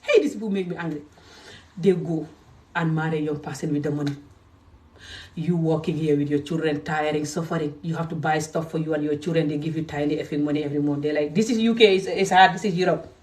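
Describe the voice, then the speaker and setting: A woman from Gambia giving an angry, emphatic rant to her followers, swinging between loud outbursts and low muttering. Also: fairly even intonation, fast talker, recorded from a distance. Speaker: social media creator. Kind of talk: angry direct-to-camera rant.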